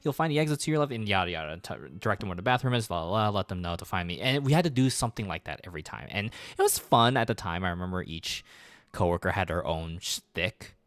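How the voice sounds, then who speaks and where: A man's voice: deep voice, lively intonation, fast, fairly bright tone, dry recording. A man streaming while drawing, telling stories in a rambling, casual way with many fillers and restarts.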